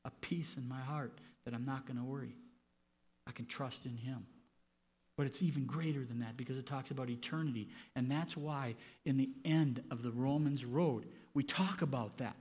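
A man preaching a sermon as pastor in a church, moving from quiet, personal reflection to loud, impassioned stretches. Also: mid-range voice, normal speed.

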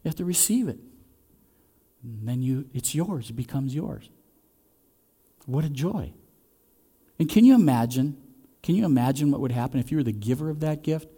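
A man preaching a sermon in a conversational way, asking the congregation questions and swinging between loud and soft. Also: mid-range voice, lively intonation, moderate pace, long pauses, slightly rough. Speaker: pastor.

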